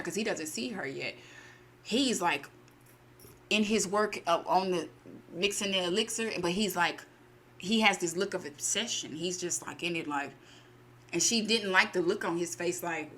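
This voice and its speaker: Woman, fairly low voice, casual story retelling, chatty with lots of fillers, faint background hiss. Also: normal speed, a bit bright. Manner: chatty, many fillers and quoted asides. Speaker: story channel host.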